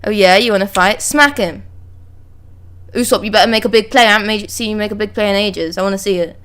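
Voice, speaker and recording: This woman's medium-pitched voice is fast and a bit bright as she talks casually on a live stream into a close desk mic. Chatty and outspoken, she curses without restraint and breaks up her reactions by reading panels aloud.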